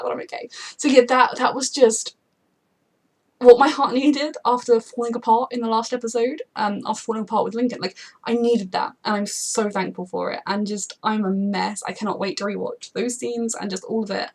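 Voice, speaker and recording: A young woman hosting a casual TV reaction chat, gushing and rambling with many fillers and quick laughs. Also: a little high, slightly rough. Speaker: TV reaction channel host.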